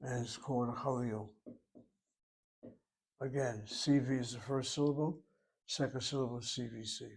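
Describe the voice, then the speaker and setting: A man's voice: mid-range voice, steady tone, normal speed, vocal fry, long pauses, slightly rough. A man teaching a recorded language lesson, working through each word aloud, step by step and methodically. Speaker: Hebrew teacher.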